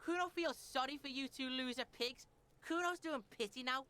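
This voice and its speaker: A bratty, foul-mouthed boy, bright and high. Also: moderate pace, smooth. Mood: brash. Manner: talks about himself in third person, swears constantly. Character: foul-mouthed scrappy young boy, boastful. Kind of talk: reading video game dialogue aloud.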